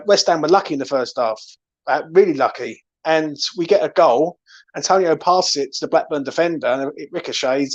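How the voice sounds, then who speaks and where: A man's voice: fairly high pitch, highs cut off. A man hosting a fan channel, ranting angrily about a football match and swearing often. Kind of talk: angry football fan reaction.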